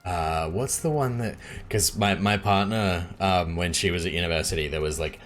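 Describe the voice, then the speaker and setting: An Australian man with a low voice chats easily as he plays, with plenty of fillers and quick laughs. Soft game music sits faintly behind him. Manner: chatty and relaxed, laughs often, many fillers. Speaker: game streamer. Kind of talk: casual live-stream chat while playing.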